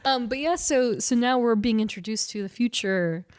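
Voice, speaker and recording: Animated woman chatting, dry close sound. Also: on the high side, normal speed, dry recording. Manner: animated, laughs often, acts out quotes with loud outbursts. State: short on sleep. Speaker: podcast co-host. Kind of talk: casual chat.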